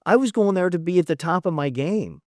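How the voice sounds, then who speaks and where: A man's voice: high voice, animated, brisk, darkish tone, no echo, studio quality. A man in his fifties, a podcast guest, telling his story in a candid, matter-of-fact way and acting out the dialogue as he goes. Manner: retells events by acting out quoted dialogue. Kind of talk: storytelling in a conversational interview.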